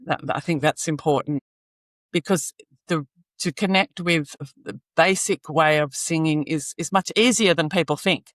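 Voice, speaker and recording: A woman, a guest on a podcast, explaining earnestly with frequent "you know" fillers and soft laughs. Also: low voice, moderate pace, no room sound. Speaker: singing advocate guest. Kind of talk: podcast interview.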